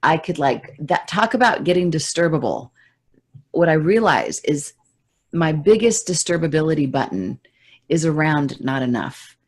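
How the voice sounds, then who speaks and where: A woman's voice: sits low, lively intonation, normal speed, breathy edge. A woman co-hosting a podcast in casual, reflective chat, acting out her own reactions in quoted voices. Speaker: podcast co-host.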